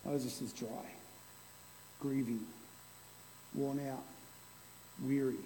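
A man preaching a lively, playful sermon to a congregation, using an object lesson. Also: mid-range voice, drawn-out words, in a large hall, slight background noise, low-quality recording. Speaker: pastor. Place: church hall before a congregation.

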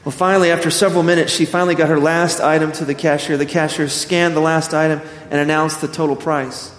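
Pastor sermon, a man with a fairly high voice, storytelling, echoing church hall. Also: quick pace. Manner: storytelling, animated quoting of himself. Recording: echoey hall.

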